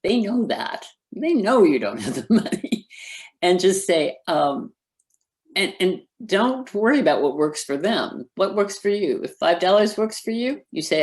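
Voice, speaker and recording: A woman's voice: medium pitch, big pitch swings, unhurried, a little mellow. A woman who founded a nonprofit, speaking as an interview guest in an emphatic, earnest way and laughing often. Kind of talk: conversational interview.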